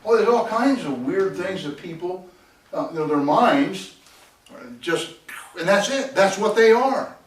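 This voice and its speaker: A man teaching a Bible class, chuckling and animated as he tells the story and reads scripture aloud. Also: sits high, measured pace. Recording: echoey room, voice from a distance.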